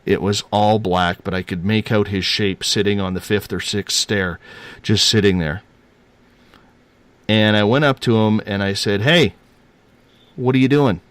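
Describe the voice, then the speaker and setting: A man's voice: on the low side, fairly even intonation, measured pace, a bit bright, clean tone, no echo. A man telling a personal paranormal story in a rambling, earnest way, repeating himself and using casual slang.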